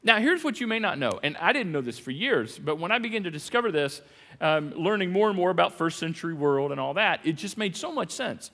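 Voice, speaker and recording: Animated, bright-voiced male preacher. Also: high voice, fairly quick, creaky, long reverb tail. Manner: animated, jokey preaching with sudden loud emphasis. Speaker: pastor. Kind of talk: sermon. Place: large church hall.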